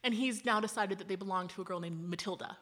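A woman in her thirties telling a casual story, animated, laughing often and saying "like" a lot. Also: medium pitch, quick pace, crowd noise. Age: 30s.

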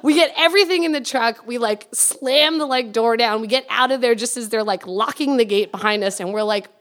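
A young woman telling a personal story in quick, casual speech, full of fillers and swearing. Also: a little high. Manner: rapid, filler-heavy, animated and swearing. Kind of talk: casual spoken anecdote.

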